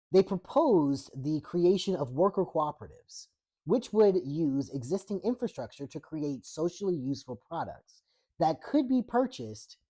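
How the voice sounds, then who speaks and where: Low-voiced woman reading with profane asides. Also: mellow, breathy edge. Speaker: host reading a book aloud. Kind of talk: book reading with political commentary.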